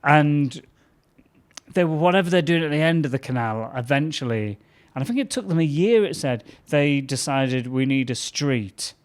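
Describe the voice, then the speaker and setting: A young man from talks in relaxed podcast chat. He turns animated and laughing as he tells his stories, his clear. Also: fairly high pitch, normal speed. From England. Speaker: comedian guest. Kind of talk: casual chat.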